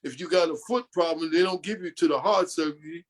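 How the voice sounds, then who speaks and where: Speaking briskly in a voice on the high side, an older New Yorker guests on a podcast and wanders through lengthy family stories, frequently repeating what other people told him.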